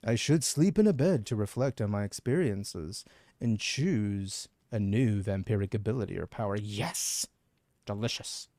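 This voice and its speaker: A man's voice: medium pitch, a little mellow, dry recording, studio quality. A man streaming a game, chatting casually and joking, laughing often. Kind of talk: casual live-stream chat.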